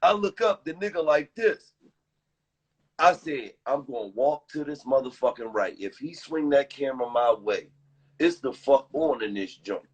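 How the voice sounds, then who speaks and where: A man's voice: mid-range voice, animated, normal speed, breathy edge, poor audio. A man as a guest in a casual talk, animatedly retelling a story with quoted lines and laughter.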